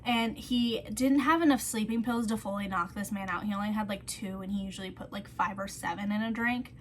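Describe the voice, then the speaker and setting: A woman's voice: mid-range voice, a little fast, a little hiss or hum. A woman vlogger telling a true-crime story in a chatty way, full of "like", who drops to a whisper on the grim details.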